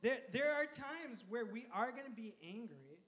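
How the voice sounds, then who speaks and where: High-voiced pastor guy telling a wild story in a sermon, laughing a lot, gets loud. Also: moderate pace. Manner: animated storyteller, laughs often, shouts quoted lines.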